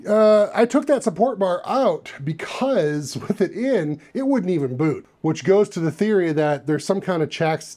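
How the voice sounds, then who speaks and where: A man's voice: on the high side, a little mellow. Chatty man tinkering with old hardware. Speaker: retro computer channel host. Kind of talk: casual hands-on repair vlog. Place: home office workbench.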